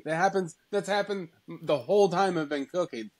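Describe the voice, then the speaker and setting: A man in his thirties who talks a little high for a man and rambles through casual podcast chat. He leans on fillers and restarts and laughs a lot. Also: normal speed, few pauses, darkish tone, low-quality recording. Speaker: podcast co-host.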